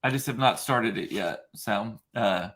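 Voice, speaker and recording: In a casual livestream chat, a deep-voiced, gravelly man with a fairly bright tone works his way unhurriedly through viewer comments. He rambles, uses lots of fillers, and makes self-deprecating asides.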